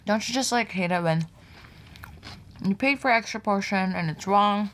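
A woman's voice: mid-range voice, moderate pace, fairly bright tone, a little hiss or hum. A woman chatting casually in a vlog, rambling and filling her talk with "like" while she eats. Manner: chatty, rambling, heavy use of "like". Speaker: vlogger.

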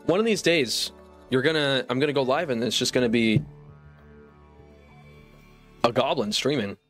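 A man's voice: mid-range voice, moderate pace, fairly bright tone, faint music behind. A young man streaming live from home, ranting in mock outrage with lots of exasperation.

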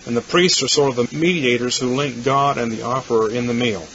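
A man's voice: medium pitch, brisk, a bit bright. A man teaching Bible lessons, plainly correcting something he said earlier. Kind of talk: lecture correction. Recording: dull lo-fi recording with faint hiss.

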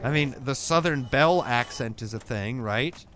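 A man's voice: mid-range voice, moderate pace, a bit bright, slight background noise. A man co-hosting a let's play, arguing in a pedantic, sarcastic way during casual gaming commentary.

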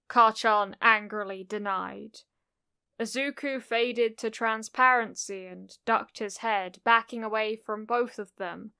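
A woman narrating a cozy fan fiction audiobook in a gentle, unhurried storytelling manner. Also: medium pitch, steady tone, clear, resonant tone, no echo, clean studio sound.

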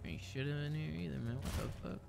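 A man's voice: a little high, brisk, vocal fry. A young man doing gameplay commentary, swearing and laughing often in disbelief. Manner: profane, laughs often, incredulous. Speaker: gaming streamer.

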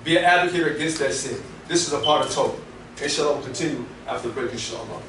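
A man's voice: a little high, fast. Male preacher, casual delivery with rhetorical "right?", faint room hum, off-mic. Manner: conversational, frequent "right?" tags. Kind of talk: Friday sermon. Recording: echoey room, mic at a distance.

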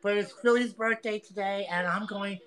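A woman livestreaming an angry, profane rant, taunting and repeating herself with loud outbursts. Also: mid-range voice, fairly even intonation, normal speed, poor audio.

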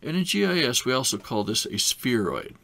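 A man's voice: mid-range voice, wildly swooping pitch, fairly quick, gravelly, bright, forceful tone, no room sound. A man giving a recorded lecture as an instructor, talking in a conversational way with wry asides.

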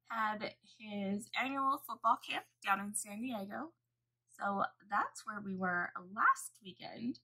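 A woman's voice: a little high, gravelly, bright, forceful tone, husky, low-quality recording. A woman vlogger talking through a makeup tutorial at home, chatty and profane as she tells a story. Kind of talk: casual makeup tutorial chat.

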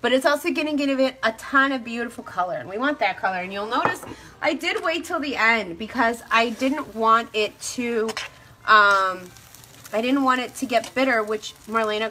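A young woman hosts a live cooking show in a chatty, upbeat way, talking straight to her viewers. Her voice sits a touch high and sounds bright and forceful. A faint hum of noise runs behind her. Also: expressive, a little fast.

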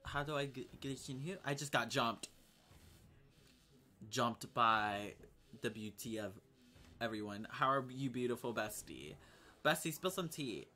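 Young gaming streamer with a bright, edgy voice, slangy and theatrical. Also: medium pitch, lively intonation, a little slow, long pauses. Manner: dramatic, slangy, gasping exclamations. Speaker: gaming vlogger. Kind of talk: casual gaming commentary and chat.

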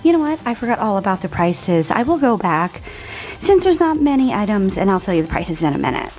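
A woman's voice: mid-range voice, sing-song, a little fast, darkish tone, soft background music. A woman in her forties chatting through a grocery haul in an upbeat, rambling way. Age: 40s. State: out of breath. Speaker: vlogger.

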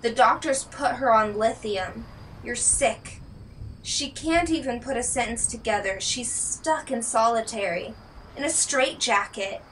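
A woman's voice: a little high, a little slow, far from the mic, slight background noise, rough recording. A woman playing an enraged young college guy. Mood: furious. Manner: shouting, confrontational. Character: young male college student, furious then terrified.

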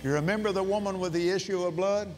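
A man's voice: high voice, fast talker. A man preaching a sermon to a convention crowd, telling a personal story in a heartfelt way, often repeating words as he searches for them. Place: large convention hall. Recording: long hall reverb, faint music.

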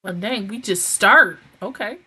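A woman hosting an anime reaction video, talking casually with lively swearing and frequent laughs. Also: mid-range voice, unhurried, slightly rough.

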